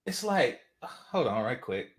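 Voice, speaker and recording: A man from the San Francisco Bay Area, who hosts a commentary channel, delivers a casual, profane monologue, mocking and repeating phrases for effect. He talks slowly in a medium-pitched voice with big pitch swings.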